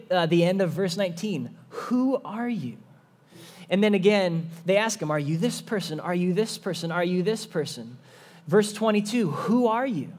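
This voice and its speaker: A man preaching a sermon, slow and emphatic with dramatic pauses. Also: high-pitched. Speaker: pastor.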